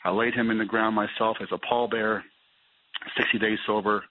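A man telling his personal recovery story as a guest, in a halting way that repeats words as he restarts. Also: on the low side, level tone. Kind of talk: personal testimony. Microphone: phone call. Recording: tinny phone line.

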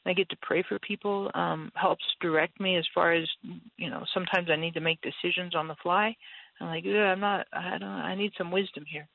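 A woman's voice: fairly low pitch, fairly even intonation, brisk, vocal fry. A woman guest in a casual faith conversation, candid and laughing often as she acts out her own voice in stories. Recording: tinny phone-like line, dry.

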